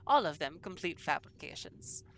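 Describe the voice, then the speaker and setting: A woman voicing a haughty male scholar in a deliberately bad put-on French accent, reading game text aloud slowly and stiffly. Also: on the low side, sing-song, slight background noise, low-quality recording. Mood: mock-formal.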